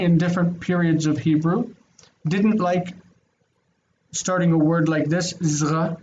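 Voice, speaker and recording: A male Hebrew teacher explains grammar slowly and patiently, pausing on fillers as he walks students through each point. His pitch sits a touch high for a man. The video-call audio is dull and slightly lo-fi, with faint background hiss. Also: a little mellow. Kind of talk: online class teaching.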